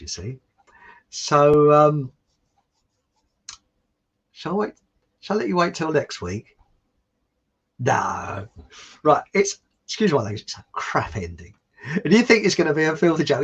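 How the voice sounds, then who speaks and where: A man's voice: fairly high pitch, big pitch swings, normal speed, pauses often, slightly rough, muffled recording. A middle-aged man hosting a livestream. He chats casually and rambles in a self-mocking way. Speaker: livestream host. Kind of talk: casual chat and joke telling. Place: warm indoor room.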